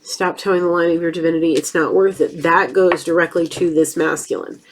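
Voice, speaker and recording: Stuffy-nosed lady reading tarot cards, kinda low voice, blunt and chatty, a little hiss behind her. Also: fairly even intonation, brisk. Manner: chatty, blunt, swears casually. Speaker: tarot reader.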